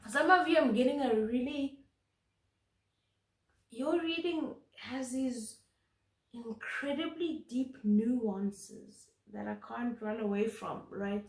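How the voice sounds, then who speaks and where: A woman's voice: on the high side, slow, echoey room. A woman giving an intuitive tarot reading to camera, earnest and emphatic, often repeating words for stress. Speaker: tarot reader.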